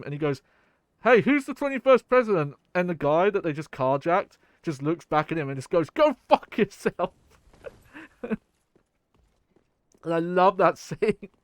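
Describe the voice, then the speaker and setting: A man's voice: fairly high pitch, no echo. Man, casual game stream chatter, rambling, close dry mic. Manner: rambling, chatty, swears and laughs. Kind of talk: casual gameplay commentary.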